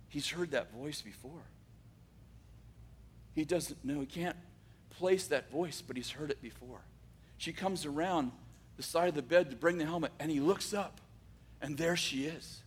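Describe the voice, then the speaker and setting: A man telling a dramatic story, swinging from loud bursts to hushed asides. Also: a little high, unhurried, pauses often, husky.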